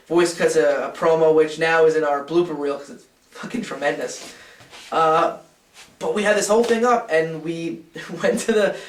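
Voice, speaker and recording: A man with a slightly high voice gives a candid interview, blunt and profane, acting out the back-and-forth of old arguments. He sits a little away from the mic in an echoey room. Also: fairly bright tone, far from the mic. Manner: blunt and profane, acts out quoted dialogue. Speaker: documentary interviewee, wrestling insider. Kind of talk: candid recollection.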